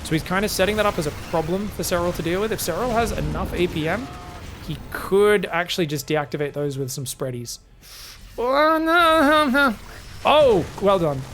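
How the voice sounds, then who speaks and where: A man casting a live strategy game match, analytical and quick to yelp with excitement at big plays. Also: noisy background. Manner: excitable, breaks into high yelps at big plays. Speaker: esports caster.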